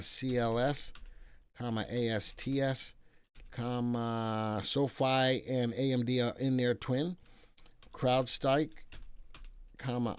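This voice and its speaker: A man's voice: medium pitch, a little mellow, clean tone. A man hosting a casual stock market livestream, chatting with viewers and reading their comments between chart talk, playful and talkative.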